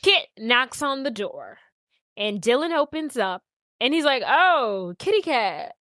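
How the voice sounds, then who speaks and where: Speaking in a high register at a slightly unhurried pace, a woman co-hosting a podcast walks through a movie plot and voices all the characters, swearing liberally. The sound is clean studio audio with no echo.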